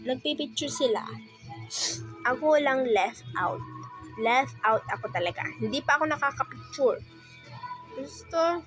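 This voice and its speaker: A woman with a Filipino accent, talking in a halting, emotional way as she vlogs casually. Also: high voice, a bit bright, rough recording. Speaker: vlogger. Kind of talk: casual rambling vlog.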